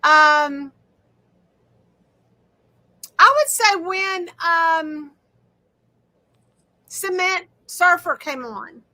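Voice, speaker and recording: A middle-aged woman hosts a craft livestream in a very high, expressive voice, speaking extremely slowly and pausing often. She chats casually but talks loudly so her guest can hear her over the audio trouble.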